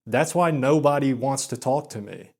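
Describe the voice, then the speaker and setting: A young man hosts this vlog, speaking slowly in a flat, medium-pitched monotone. He stumbles in quick stutters, uses many fillers, and is self-deprecating throughout.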